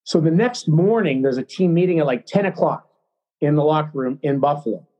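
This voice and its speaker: A middle-aged man, a former hockey player, telling a story as a podcast guest in a blunt, excitable, profane way. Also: a little high, brisk, muffled recording. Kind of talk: casual storytelling.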